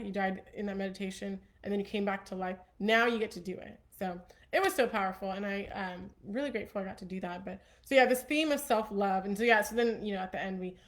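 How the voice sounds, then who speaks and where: A young woman talks straight to her viewers in a casual, heartfelt way. She sounds earnest and upbeat, and she fills her sentences with likes and ums as she gets to her point. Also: medium pitch. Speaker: host. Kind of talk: casual spiritual talk to viewers.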